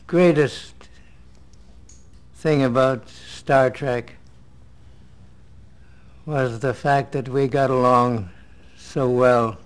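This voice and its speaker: A man, an actor from a classic TV series, speaking slowly and deliberately in an interview. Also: mid-range voice. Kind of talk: interview anecdote.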